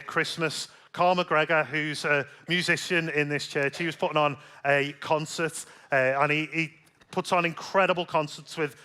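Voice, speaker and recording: A man's voice: fairly high pitch, pushed and bright, clear, resonant tone. A man preaching a sermon as pastor, telling stories in a chatty way with self-deprecating humor, a little stuffy from a slight cold.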